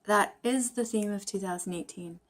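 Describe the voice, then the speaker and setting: A woman's voice: mid-range voice, normal speed. A woman talking casually to camera in a study vlog, thinking aloud, joking about her own mistakes, with frequent fillers and restarts. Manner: chatty, self-deprecating, thinking aloud with fillers. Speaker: language-learning vlogger.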